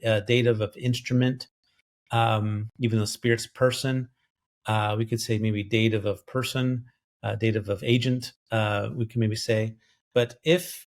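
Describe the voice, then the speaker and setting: A man co-hosting a podcast, working through a Bible verse and thinking aloud with many fillers and grammar terms. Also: mid-range voice. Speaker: co-host biblical scholar. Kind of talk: explaining a Bible passage verse by verse.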